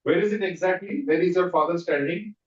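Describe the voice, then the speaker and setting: A man leading a guided visualization exercise as a trainer, coaching with quick repeated questions. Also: high-pitched. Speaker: NLP trainer. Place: training room. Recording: dull echoey room audio from far off.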